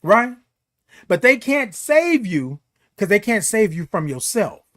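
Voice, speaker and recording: A man's voice: high voice, big pitch swings, slow pace, fairly bright tone. A middle-aged man hosting a morning live show, giving an emphatic, preachy pep talk that repeats key phrases and reads viewer comments.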